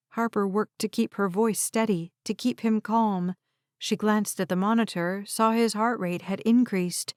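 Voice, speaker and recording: A woman narrating an audiobook in an even, unhurried reading style. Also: mid-range voice, no room sound, clean studio sound. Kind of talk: scripted narration.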